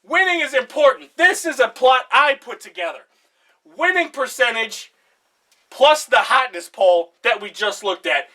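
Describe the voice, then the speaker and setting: A young man giving a mock-serious comedic presentation, passionate and out of breath, bursting into shouts. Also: extremely high pitch, animated, unhurried.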